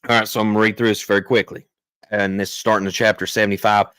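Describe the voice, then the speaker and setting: A man's voice: fairly low pitch, level tone, very fast, fairly bright tone, clean tone, no room sound. A man hosting his own channel, reading scripture aloud and breaking off into plain, casual commentary. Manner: plain conversational delivery with fillers and restarts between readings. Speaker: channel host teaching on scripture.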